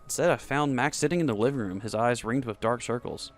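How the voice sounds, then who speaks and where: A young man narrating a first-person romance story in a soft, intimate way. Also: mid-range voice, brisk. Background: faint background music.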